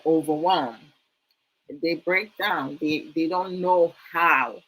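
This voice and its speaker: On a rough recording, a woman with a low-pitched but fairly bright voice hosts a casual live stream. She talks slowly and earnestly with many fillers, pausing to thank viewers for their comments.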